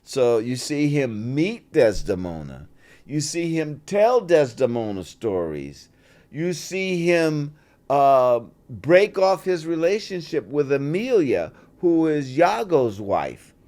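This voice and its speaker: A man, an actor guest in an interview, telling relaxed anecdotes and acting out the voices of the people in them. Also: on the high side, slow pace. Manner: animated, acts out quoted voices in stories; relaxed and conversational, with "you know" fillers.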